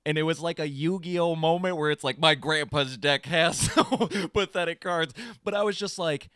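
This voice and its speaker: A man co-hosting a casual podcast, telling a long story in an animated way and acting out quotes in a raised voice. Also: fairly high pitch, normal speed, clean tone, no echo, studio quality. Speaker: podcast co-host. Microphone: studio podcast mic.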